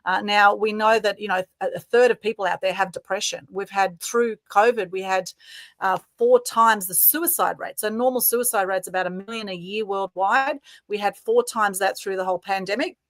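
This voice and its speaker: A woman's voice: mid-range voice, moderate pace, a bit bright, no room sound. A woman from Australia with an Australian accent, co-hosting a live-stream chat and answering her guest in a casual, affirming way. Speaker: co-host. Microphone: video call.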